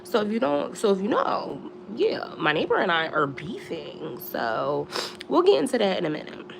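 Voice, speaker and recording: A woman's voice: medium pitch, huge pitch swings, moderate pace, creaky, background noise. A young woman telling a storytime on a live stream at home, slangy and chatty, with many asides. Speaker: storytime vlogger.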